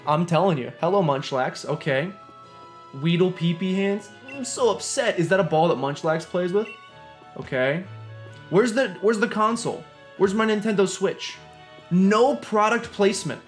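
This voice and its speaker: A man's voice: high voice, moderate pace. Joking young man streaming a game. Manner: joking, ranting, reads game dialogue aloud. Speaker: streamer playing a video game. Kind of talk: casual gameplay commentary. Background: game music.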